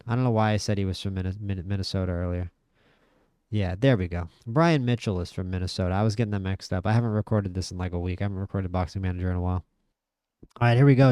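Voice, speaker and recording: A man giving casual, excitable commentary while playing a boxing management game, talking to himself about each fight. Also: deep voice, dry recording, studio quality. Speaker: gaming video host.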